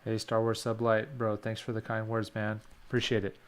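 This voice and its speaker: Low-voiced man thinking aloud. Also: completely flat delivery, normal speed, a little hiss or hum. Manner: thinking aloud, self-questioning. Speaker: music producer live-streaming. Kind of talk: casual livestream commentary.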